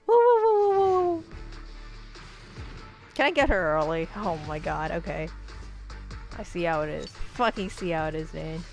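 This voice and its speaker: A woman streamer giving casual gaming commentary, excitable, swearing and bursting into yells. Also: sits low, moderate pace, vocal fry, soft background music.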